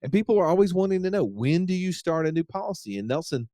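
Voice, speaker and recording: A man's voice: sits high, very animated, fast, mellow, no room sound, clean studio sound. A man hosting a podcast, introducing the episode in an upbeat, teasing, easygoing way. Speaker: podcast host. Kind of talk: casual podcast chat.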